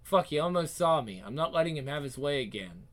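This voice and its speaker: A man's voice: on the high side, big pitch swings, a little fast. A man voicing a proud, stubborn young woman muttering her thoughts in a sulky way. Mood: defiant.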